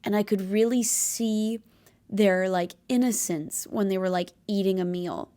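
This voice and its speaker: A woman's voice: mid-range voice, measured pace, mellow. A young woman hosting a podcast, talking in a casual, heartfelt and rambling way, with lots of filler words. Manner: earnest, rambling, filler-heavy, tearful at times. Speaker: podcast host.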